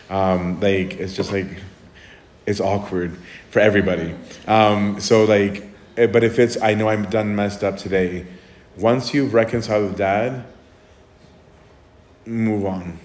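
A priest answering questions in a casual, conversational way, often checking in with "right?". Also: male voice, on the low side, level tone, moderate pace, a little mellow. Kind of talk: casual Q&A talk. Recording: echoey room.

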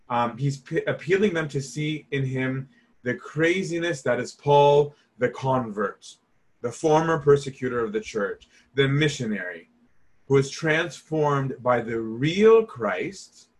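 Casual, emphatic man teaching scripture. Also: mid-range voice. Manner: informal and emphatic, with frequent "like" and "right?". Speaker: Bible teacher.

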